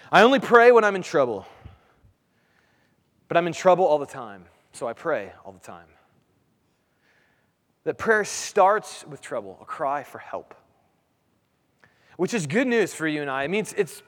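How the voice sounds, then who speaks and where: Pastor preaching in a reverberant hall. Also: male voice, high voice, fairly bright tone. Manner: conversational preaching, rhetorical questions. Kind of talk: sermon.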